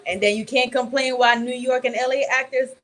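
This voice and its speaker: A woman's voice: sits high, steady tone, fairly quick, a bit bright, slight background noise. A woman guest chatting casually in a radio interview, bubbly and laughing often, with frequent ums and restarts. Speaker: actress and author guest.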